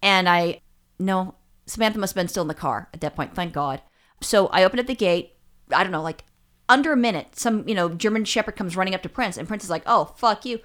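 A woman with a fairly low voice tells her stories bluntly, swearing freely and restarting her sentences. Her talk is loose, casual chat. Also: brisk, fairly bright tone. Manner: profane, blunt storyteller with many restarts. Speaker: podcast co-host.

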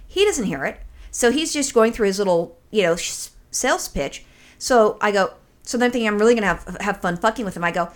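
A woman's voice: medium pitch, a little fast. A woman co-hosting a casual podcast, telling a story with lots of energy, swearing freely and acting out the people in it. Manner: animated storyteller, swears freely, mimics callers. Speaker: podcast co-host.

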